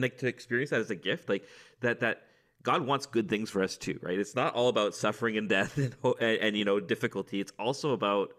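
A man's voice: lowish voice, a bit bright. A man, a priest, speaking reflectively and earnestly in a podcast chat, often restarting his sentences. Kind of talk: casual chat.

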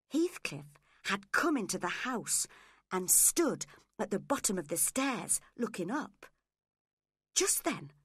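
A woman narrating a classic story in a slow, clear reading for English learners. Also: mid-range voice, a bit bright, no echo, clean studio sound. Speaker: narrator of a graded English reader.

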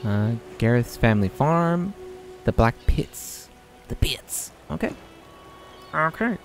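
A man's voice: medium pitch, animated, slow, soft background music. A young man casually commenting on a video game he plays, reading dialogue choices aloud and laughing often. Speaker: let's play host.

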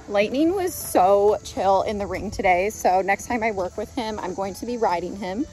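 A woman's voice: mid-range voice, moderate pace, few pauses, a little mellow, faint music behind. A woman chatting casually as she vlogs from a horse paddock outdoors, cooing affectionately at her horses between remarks. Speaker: horse farm owner and vlogger. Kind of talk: casual vlog narration.

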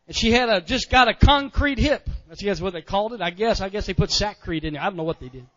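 High-voiced preaching man, frequent amens. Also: animated, quick pace. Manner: folksy preaching with frequent amens, swelling loud on key phrases. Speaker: pastor. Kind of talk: sermon. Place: church sanctuary. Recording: dull church recording with long reverb.

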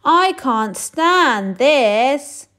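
A woman voicing a tired, fed-up male father bear for a storybook, groaning her complaints slowly and drawn out. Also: high voice, animated, sharp tone, pitched above the performer's own voice, exaggerated voice. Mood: exasperated. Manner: slow, drawn-out exasperated groans.

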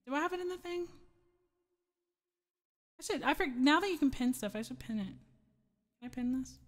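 A woman streamer chats casually with her viewers in a fairly high voice, rambling and giggling as she forgets what she meant to say. Her voice carries a long reverb tail, as if it were sent through an effect at home. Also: expressive, normal speed. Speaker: streamer and singer. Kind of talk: casual chat with live chat.

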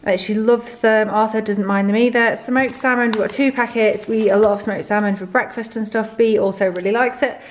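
A woman's voice: medium pitch, steady tone, brisk, hardly any pauses, a little hiss or hum. A woman in her thirties chatting casually through a grocery haul, a little out of breath, rambling with fillers and restarts. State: slightly out of breath. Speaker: vlogger.

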